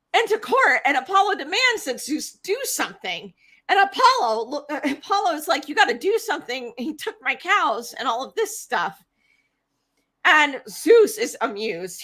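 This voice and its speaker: Animated woman retelling myths. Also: sits high. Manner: animated, chatty retelling with fillers. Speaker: podcast host. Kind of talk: casual myth storytelling.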